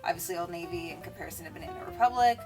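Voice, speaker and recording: A woman's voice: on the low side, very fast. A young adult woman vlogging, casually retelling a story with lots of "like" fillers. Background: faint music.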